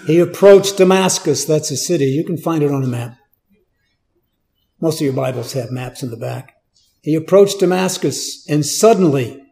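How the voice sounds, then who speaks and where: A man's voice: a little high, mellow. A man preaching a Bible teaching in a conversational way, asking the listeners questions and stressing key words.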